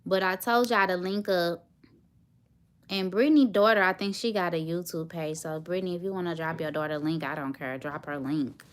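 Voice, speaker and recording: A woman's voice: on the low side, steady tone, moderate pace. A woman in her thirties, a tired mother and vlogger, rambling casually to her viewers. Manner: rambling, chatty, talks straight to her viewers.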